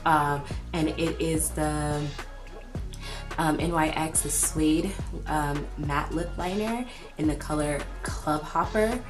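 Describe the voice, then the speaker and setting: A young woman chats casually into her phone camera while vlogging from her car, giggly and full of "um" and "like." Her voice is low and steady, and she takes her time. Music plays clearly in the background.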